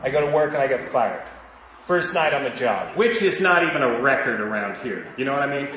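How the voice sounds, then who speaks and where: A man in his sixties sharing his personal story with a live audience at a recovery meeting, animated and swinging between loud and hushed. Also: mid-range voice, fairly quick, slight background noise. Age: 60s. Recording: echoey hall recording.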